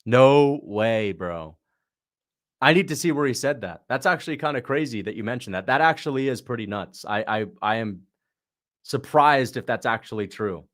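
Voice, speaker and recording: A man's voice: mid-range voice, lively intonation, moderate pace, fairly bright tone. A man hosting a casual watch-along livestream, chatting in a slangy way and answering viewers' questions. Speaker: livestream host.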